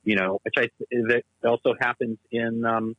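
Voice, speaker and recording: A man's voice: medium pitch, flat delivery, moderate pace, a bit bright, no echo, muffled recording. A man co-hosting a casual talk show, speaking in an analytical, discursive way. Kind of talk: casual chat.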